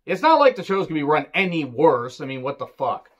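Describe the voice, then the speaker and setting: A man's voice: on the high side, big pitch swings, a little fast. Sarcastic ranting man, lo-fi recording. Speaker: wrestling reviewer. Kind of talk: casual opinionated review.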